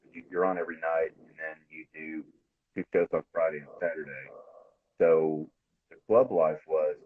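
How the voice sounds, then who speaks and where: Older guy comic on a video call, real low husky voice, tinny phone sound, does little voices for people in his stories. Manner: animated, acts out quoted voices. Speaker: guest comedian. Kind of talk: casual storytelling chat.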